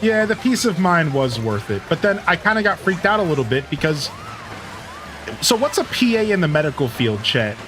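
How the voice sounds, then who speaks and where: A man livestreaming and chatting casually with his viewers, telling a rambling, animated story full of filler words. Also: fairly high pitch, moderate pace, over music. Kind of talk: casual chat with stream viewers.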